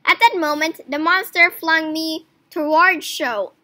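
A woman's voice: very high-pitched, fairly even intonation, measured pace, noisy background. A woman reading a children's book aloud, telling the story expressively and putting on voices for the characters. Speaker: reader.

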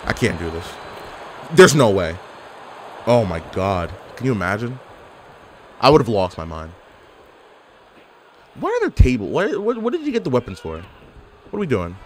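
A man giving lively, casual commentary over his own video game play. His voice swings widely in pitch as he exclaims and reacts, mixing playful trash talk with disbelief, over a faint hiss in the background. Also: normal speed, pauses often. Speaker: gaming YouTuber.

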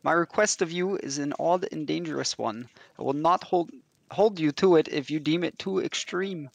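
Male streamer plays grave lord priest, faltering put-on French accent, higher register. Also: moderate pace, gravelly, no echo, dull audio. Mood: pleading. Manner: stumbling fake French accent. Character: solemn middle-aged male lord priest. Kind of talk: reading game dialogue aloud.

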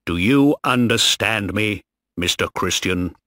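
A man doing a stern, slow ship captain. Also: lowish voice, lively intonation, bright, forceful tone, no room sound, clean studio sound, full character voice.

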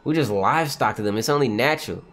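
Excitable man reacting to manga live. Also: mid-range voice, fast. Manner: animated, reads panels aloud, exclaims and laughs often.

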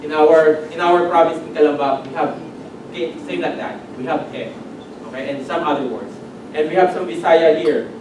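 A man's voice: fairly high pitch, normal speed. A man from the Philippines with a Filipino accent, preaching a conversational sermon and checking in with the congregation by asking "okay?". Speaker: pastor. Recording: echoey hall, distant mic, background noise.

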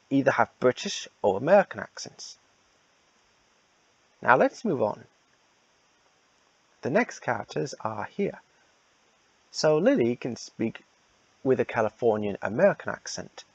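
A man's voice: medium pitch, gravelly, breathy edge, dry recording, highs cut off. A man casually announcing the casting for a fan redub, rambling and repeating himself.

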